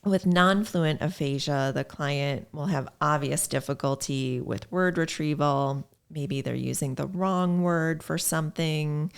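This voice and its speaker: A woman speech pathologist explaining clinical topics as a guest in a podcast interview, measured and clear. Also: low voice. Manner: measured, explanatory, lively when telling stories.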